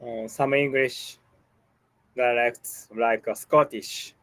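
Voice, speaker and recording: Slow, halting Japanese man learning English. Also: mid-range voice, fairly even intonation, a bit bright, poor audio. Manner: halting, hesitant, repeats words back. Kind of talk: online English lesson. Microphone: video call.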